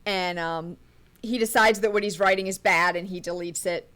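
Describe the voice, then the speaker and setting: A woman's voice: mid-range voice, steady tone, normal speed, fairly bright tone. Chatty woman recapping a film. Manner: chatty, recaps scenes step by step with small laughs. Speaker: podcast co-host. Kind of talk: casual movie recap.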